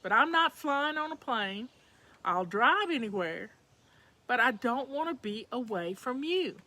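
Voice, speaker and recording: A woman's voice: a little high, very animated, a little slow, sharp tone. Folksy Southern woman chatting to viewers. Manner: folksy, chatty, says y'all to her audience. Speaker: livestream host. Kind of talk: casual chat to viewers. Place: at home.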